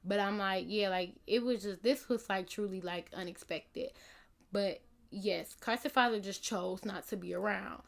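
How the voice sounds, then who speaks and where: A woman's voice: mid-range voice, normal speed, creaky. Young woman rambling chattily to camera. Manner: rambling, many "like" and "you know" fillers. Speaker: vlogger. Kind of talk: casual chat to camera.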